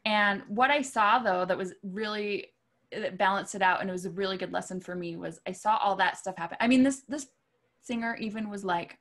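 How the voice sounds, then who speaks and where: A woman's voice: medium pitch, brisk, a bit bright. A woman music arranger tells a story from her work. She speaks in a mid-range voice with a casual, chatty delivery, and she laughs often along the way. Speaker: music arranger and vocal clinician. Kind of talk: casual interview talk.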